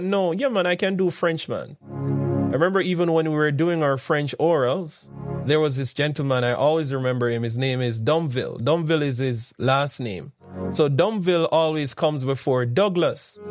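A young Jamaican man telling rambling, conversational stories from his school days in a morning talk. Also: mid-range voice. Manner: rambling, conversational, with frequent restarts and asides. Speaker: speaker giving a morning talk. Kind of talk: casual personal storytelling.

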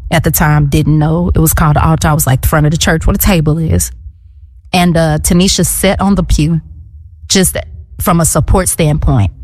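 A woman in her thirties tells her testimony in an interview, her voice on the lower side. She is animated and acts out the people in her story. The sound has a long reverb trailing behind it. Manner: animated storyteller, acting out quotes. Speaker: guest.

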